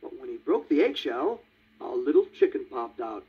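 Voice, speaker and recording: A man narrating a read-along children's storybook in a lively, child-friendly way. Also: mid-range voice, moderate pace, husky. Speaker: storybook reader. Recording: tinny 1950s vinyl record.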